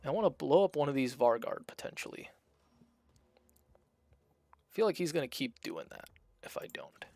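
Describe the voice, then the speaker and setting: A man streams a strategy game and talks through every move in a loose, rambling way, full of fillers and restarts. His voice has a gravelly edge, and it sounds close and dry with no room around it. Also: medium pitch, lively intonation, moderate pace, long pauses, a little mellow, no room sound. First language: Russian. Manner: chatty, thinks aloud, frequent fillers. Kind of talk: casual gameplay commentary.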